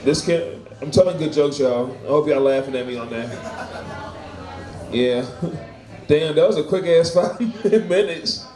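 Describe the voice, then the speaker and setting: A man's voice: a little high, measured pace, pauses often, a little mellow. A man doing a loose, profane stand-up set at an open mic, laughing at his own jokes. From Florida. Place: bar or small venue. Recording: echoey room, crowd heard.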